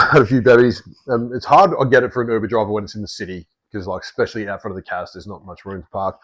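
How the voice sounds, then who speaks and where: A man with an Australian accent, a podcast host chatting casually and telling an animated story with plenty of swearing. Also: lowish voice, quick pace, poor audio. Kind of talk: casual chat.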